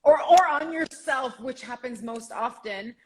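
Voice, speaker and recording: A woman's voice: high-pitched, a little slow, rough recording. A woman co-hosting a casual live stream, explaining with many fillers. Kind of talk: casual chat.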